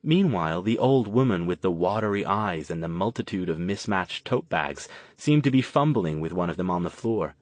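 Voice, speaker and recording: A man narrating an audiobook in a steady, even storytelling manner. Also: low voice, moderate pace, hardly any pauses, dry recording. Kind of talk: scripted narration.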